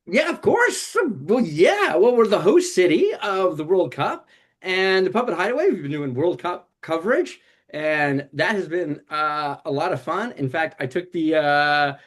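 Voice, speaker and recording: Animated man telling stories with fillers. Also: a little high, a little slow. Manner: animated storyteller with many fillers. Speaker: guest puppeteer. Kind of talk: casual chat.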